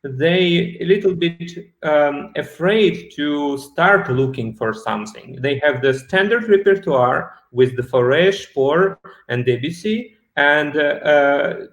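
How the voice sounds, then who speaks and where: A man hosting a casual interview, asking thoughtful questions at an unhurried pace, with pauses to search for words. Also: a little high, lively intonation, dull audio. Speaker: interview host and harpist. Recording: roomy echo.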